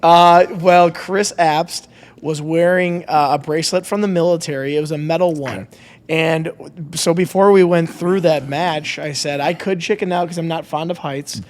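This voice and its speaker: A man hosting a podcast, telling anecdotes in an easygoing, animated way and thanking his guest. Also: fairly high pitch, moderate pace. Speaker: podcast host. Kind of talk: casual interview.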